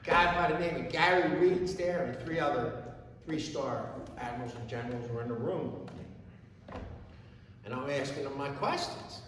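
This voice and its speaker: A middle-aged man, a Gold Star father and founder, telling his story in halting, plain words and often restarting. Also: medium pitch, a bit bright, slight background noise. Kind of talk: emotional personal testimony to an audience. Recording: echoey hall from far off, faint ambience.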